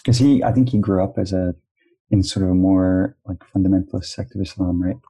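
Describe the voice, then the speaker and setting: A man's voice: sits low, brisk, warm tone, slightly rough, poor audio. A man in casual chat, talking thoughtfully and hedging with fillers as he explains ideas. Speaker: conversation partner.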